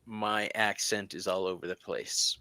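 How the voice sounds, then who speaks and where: A man hosting a casual tarot reading chat, chatty and quick to laugh. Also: lowish voice, little pitch movement, sharp tone, clear, resonant tone, no room sound. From United States. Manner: chatty and giggly, laughs often. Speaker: tarot reader host.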